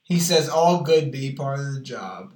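A woman chatting casually in a theatrical way, breaking into sung snippets and swinging between crooning and shouting. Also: very deep voice, lively intonation, unhurried. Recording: echoey room.

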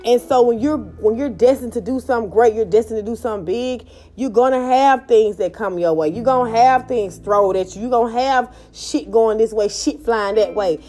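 A woman's voice: a little high, moderate pace, hardly any pauses, mellow, faint music behind. A woman podcast host giving a motivational monologue, emphatic and blunt, swearing freely and repeating her points.

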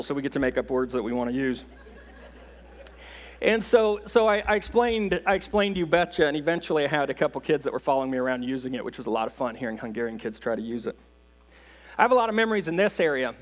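A man's voice: fairly high pitch, fast. A man, a visiting missionary preaching in a church with folksy, self-deprecating humor. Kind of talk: sermon, casual storytelling. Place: church sanctuary.

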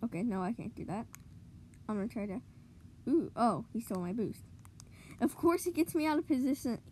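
A woman giving excitable live commentary on her own gameplay, cheering goals and groaning at misplays. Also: a little high, brisk, slight background noise. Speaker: gamer streamer.

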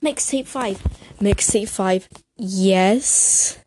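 A hyper young woman rambles from her bed, a bit out of breath and tripping over fillers. Her voice sits fairly high but she drawls slowly between bursts. The home recording carries a clear layer of background noise. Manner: hyper and scattered, many fillers and restarts. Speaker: vlogger. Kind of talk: rambling casual monologue. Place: bedroom, sitting on a creaky bed.

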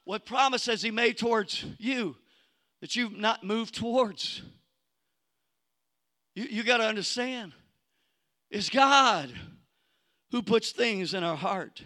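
A male pastor, preaching a sermon and telling a Bible story, building to loud exhortation. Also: high voice, slow pace, long pauses.

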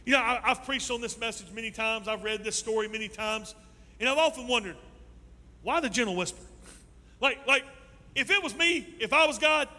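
A male pastor preaching a sermon in a church sanctuary. His delivery is animated and swings between loud and soft. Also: very high-pitched, brisk. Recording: long reverb in a large hall.

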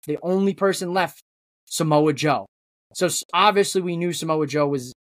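A man's voice: fairly high pitch, fairly bright tone, no echo. A man guesting on a wrestling podcast, rambling through theories in casual chat, with lots of restarts.

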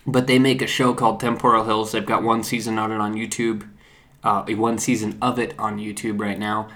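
Easygoing young man, slightly low voice. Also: normal speed. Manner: relaxed, easygoing, chiming in to finish his partner's thoughts. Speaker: podcast co-host. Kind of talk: casual chat.

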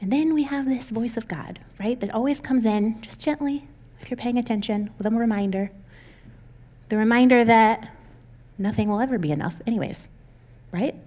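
Young woman pastor, self-deprecating and frank, slightly high-pitched, casual sermon delivery. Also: normal speed, dark tone. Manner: candid, self-deprecating, laughs often. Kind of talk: conversational sermon.

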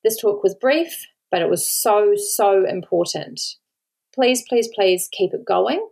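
Here the Australian podcaster and mom sounds animated yet slow, her mid-range voice creaky and a bit dark in tone. Alone on her show, she begs her listeners earnestly, almost crying, repeating words for emphasis.

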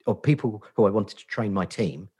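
A man from Portsmouth with a husky, slightly low voice and a Portsmouth accent. He is a podcast guest who chats loosely, swears freely and pokes fun at himself. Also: lively intonation, a little fast, darkish tone. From Portsmouth, England. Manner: sweary, self-mocking banter. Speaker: guest, marketing agency founder. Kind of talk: casual podcast chat.

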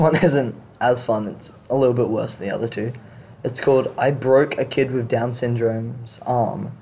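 A man's voice: mid-range voice, mellow. A man hosting a show, reading confession stories aloud and reacting to them in blunt, casual talk with some swearing. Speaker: podcast host reading stories.

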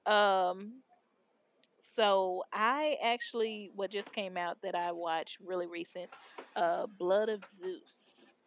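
A woman's voice: medium pitch, fairly even intonation, takes it slowly, muffled recording, slight background noise. A woman co-hosting a casual podcast chat, retelling shows in a slangy, laid-back way with lots of fillers. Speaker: podcast co-host.

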